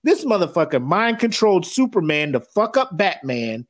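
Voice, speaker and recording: A man co-hosting a podcast in casual chat, profane and animated, acting out movie scenes in quick voices. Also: sits high. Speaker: podcast co-host.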